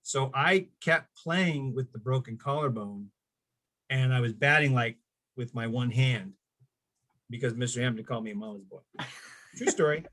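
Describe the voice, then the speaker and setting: A middle-aged man telling stories in a casual chat, animated, jumping into higher voices for the people he quotes. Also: moderate pace. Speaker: guest. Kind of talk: casual storytelling.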